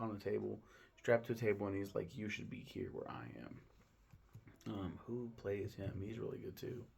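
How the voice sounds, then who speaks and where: A man's voice: lowish voice, vocal fry, darkish tone, husky. A man recapping a film in a casual, rambling way, full of ums, restarts and swearing. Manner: rambling, lots of ums and profanity. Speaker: film reviewer.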